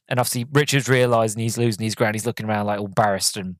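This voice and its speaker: A man's voice: fairly low pitch, steady tone, very fast, no echo. A man hosting a podcast, casually reviewing a film with lots of fillers and restarts while retelling scenes. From Britain. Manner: rambling, with many fillers and restarts, retelling scenes in quoted voices. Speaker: podcast host.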